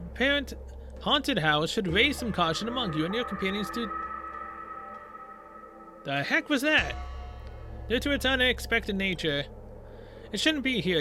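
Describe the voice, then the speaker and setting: A man playing through a story game, reading its dialogue aloud and adding sarcastic asides. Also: high voice. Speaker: gaming video creator.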